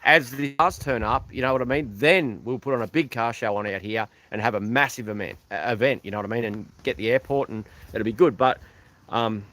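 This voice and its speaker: Outdoors beside an old truck, an Australian man hosts a casual livestream in a fairly quick, slightly bright, mid-range voice. He rambles and thanks viewers by name.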